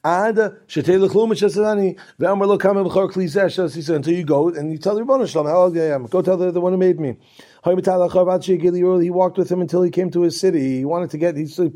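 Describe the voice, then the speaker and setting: A man's voice: high voice, fast, mellow. A man teaching a Talmud class, reading each passage aloud and then explaining it in casual English, with asides and restarts.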